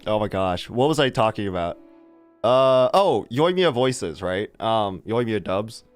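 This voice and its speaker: A game streamer chats casually with viewers, rambling from one thought to the next and breaking into laughter often. The voice sits at a middle pitch but swings widely up and down. Soft music plays faintly underneath. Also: lively intonation, a little slow, clear, resonant tone. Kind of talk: casual chat with live chat.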